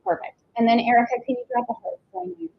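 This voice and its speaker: Gravelly-voiced woman reading tarot live. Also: a little high, expressive. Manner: chatty, breathy pauses, drawn-out exclamations. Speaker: tarot reader. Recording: dull lo-fi stream audio with faint noise.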